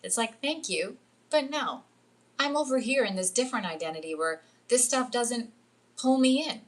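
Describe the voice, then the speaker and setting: A middle-aged woman who works as a spiritual coach chats a little fast on a livestream, her voice on the high side with lively intonation. She's at home at a jungle retreat, often saying "like" and voicing the people she quotes.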